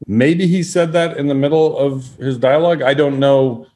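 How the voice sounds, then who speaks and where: A middle-aged man, a former sports broadcaster, telling relaxed anecdotes as a podcast guest and acting out quotes. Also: mid-range voice, normal speed. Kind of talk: storytelling in a podcast interview.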